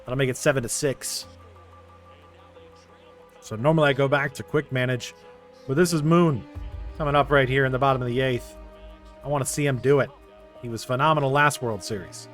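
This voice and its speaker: A young man narrating his baseball video game play by play, quickly getting frustrated at the game. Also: medium pitch, fairly bright tone, faint music behind. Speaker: gaming YouTuber. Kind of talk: casual video game commentary.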